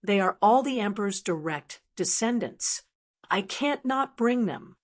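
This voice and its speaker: A woman's voice: mid-range voice, animated, unhurried. A woman reading a young male martial artist who pleads hurriedly and sounds wronged. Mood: pleading.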